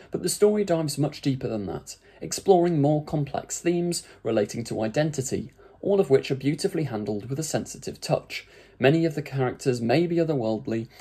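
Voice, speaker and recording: Man reads out a review and riffs casually between lines; warm, slightly husky tone. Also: mid-range voice. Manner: chatty, with frequent "like" and "kind of" fillers. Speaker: YouTube reviewer. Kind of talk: reading a review aloud with casual commentary.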